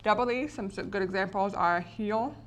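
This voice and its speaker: A woman's voice: medium pitch, moderate pace. A woman explaining spelling patterns to teachers in a patient lesson, often checking in with the listeners. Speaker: teacher educator.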